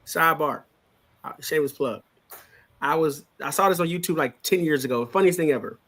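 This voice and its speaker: A man co-hosting a casual podcast chat, joking around and dropping quick asides. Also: on the high side, a bit bright. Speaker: co-host.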